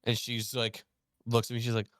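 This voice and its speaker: Moderately paced, a young man hosting a casual chat tells a story and acts out both sides of what was said. He's animated, jumping in pitch when quoting. The clean studio sound has no echo.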